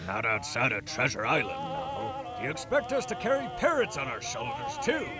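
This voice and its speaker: An actor playing a scornful, indignant sea captain in a game. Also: male voice, mid-range voice, very animated, moderate pace, loud music behind the voice, lightly acted.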